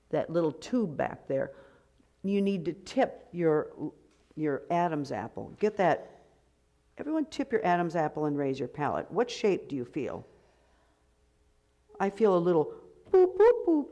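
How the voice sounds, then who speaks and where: A woman's voice: lowish voice, darkish tone. A woman directing a choir rehearsal. She gives direct commands and breaks into sung phrases to demonstrate. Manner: sings short phrases to demonstrate.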